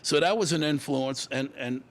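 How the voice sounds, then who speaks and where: A man in his sixties from Louisiana, a guest musician telling stories in a relaxed interview, rambling along unhurriedly with many fillers. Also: mid-range voice, moderate pace, a little hiss or hum.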